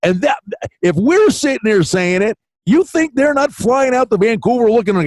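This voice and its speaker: A man co-hosting a sports betting podcast, animated and folksy, calling his partner buddy and pal. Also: extremely high pitch, moderate pace, no echo. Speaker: podcast co-host, betting analyst. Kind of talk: casual sports betting chat.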